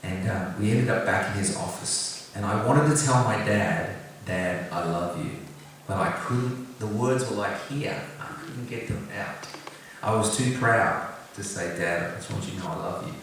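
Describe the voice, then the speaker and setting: A man telling a personal story to an audience in an earnest, direct way, with touches of gentle humor. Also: fairly low pitch, normal speed, a little hiss or hum. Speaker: singer-songwriter talking about his song. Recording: echoey room, picked up from a distance, faint background ambience.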